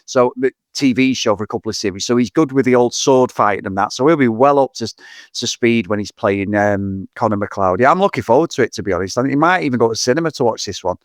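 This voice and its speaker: A man's voice: mid-range voice, fast talker, no echo. A middle-aged man co-hosting a casual film-review chat, rambling, swearing often and talking enthusiastically. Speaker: podcast co-host.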